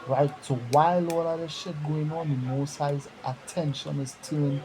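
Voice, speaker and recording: A man's voice: a little high, fairly even intonation, moderate pace, a crowd in the background, low-quality recording. A man leading a bible study discussion, reading scripture aloud and asking rhetorical questions.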